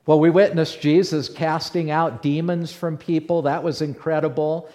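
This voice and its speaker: A man voicing the apostle Peter, a bold and outspoken fisherman, recounting what he witnessed in a first-person dramatic monologue. His voice sits a little high for a man. The telling is animated, dropping to near-whispers and then rising loud again. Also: moderate pace, natural voice. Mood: awed storytelling. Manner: animated storyteller, swinging between hushed and loud. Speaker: preacher in character.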